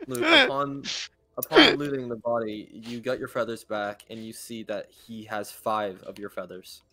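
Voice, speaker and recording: A man running a tabletop game as game master, guiding the players calmly. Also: on the low side, moderate pace, slight background noise.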